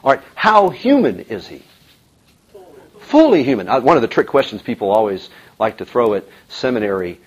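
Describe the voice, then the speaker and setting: A man teaching a Bible class in an emphatic, animated way, with frequent ums and uhs. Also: medium pitch, normal speed, breathy edge. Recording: dull lo-fi recording.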